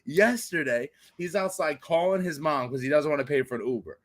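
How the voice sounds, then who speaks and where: A man's voice: fairly high pitch, a little fast. A man in his twenties from Florida, telling a profane anecdote in a casual chat and acting out the people in it. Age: 20s. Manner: animated, profane, acts out voices in anecdotes. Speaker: podcast host. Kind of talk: casual storytelling.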